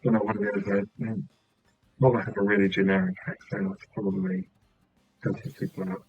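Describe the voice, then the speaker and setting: A southern English man streaming a game and rambling along, his gravelly, husky voice swinging up and down as he talks. The sound is thin and tinny, like it comes over a phone line. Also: mid-range voice, sing-song, brisk, dry recording, soft background music. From England. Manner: meandering, chatty, many filler sounds. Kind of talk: rambling casual chat while gaming.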